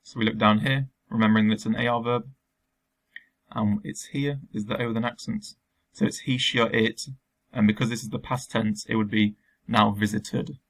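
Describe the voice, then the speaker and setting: A man's voice: lowish voice, steady tone, normal speed, vocal fry. A man teaching a recorded remote lesson, explaining patiently step by step with frequent ums.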